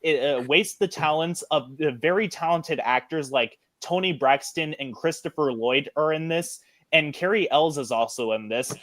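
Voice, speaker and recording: A man's voice: on the high side, fairly bright tone, no echo. A man hosting a podcast in casual chat, rambling with many fillers and restarts. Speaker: podcast host.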